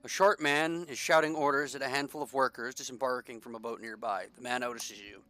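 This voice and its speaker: A man's voice: mid-range voice, steady tone, brisk, pushed and bright. A man giving casual gameplay commentary, jokey and sarcastic, reading the game text aloud as he plays. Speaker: gaming streamer.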